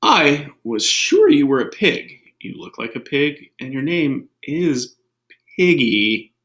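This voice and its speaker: A man's voice: fairly high pitch, sing-song, slow, fairly bright tone, full character voice. A man doing a worried elephant. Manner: earnest, getting alarmed. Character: anxious worried elephant friend.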